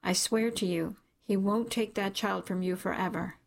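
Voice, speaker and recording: A protective older woman who pleads and scolds with urgency, as the narrator voices her. Her voice is gravelly at a middling pitch, and she sounds indignant. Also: steady tone, normal speed, natural voice. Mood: urgent. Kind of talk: audiobook character reading.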